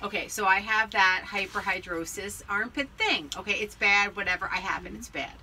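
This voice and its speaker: Woman in her forties, mid-pitched and bright, frank and chatty co-host, faint hum behind. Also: fairly quick, recorded from a distance, rough recording. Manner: frank, self-deprecating, chatty. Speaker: podcast co-host. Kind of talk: casual chat.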